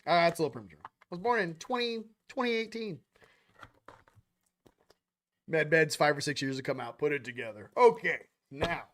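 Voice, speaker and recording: A man's voice: on the high side, normal speed, long pauses. A man hosting a casual spiritual chat show, rambling between topics in a slangy, offhand way. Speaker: host.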